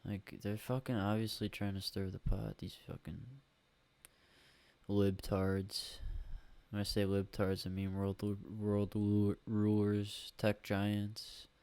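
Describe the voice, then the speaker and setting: A man's voice: fairly low pitch, completely flat delivery, takes it slowly, warm tone, clean tone. A man hosting a solo podcast on a USB microphone, rambling and grumbling with lots of swearing. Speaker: podcast host.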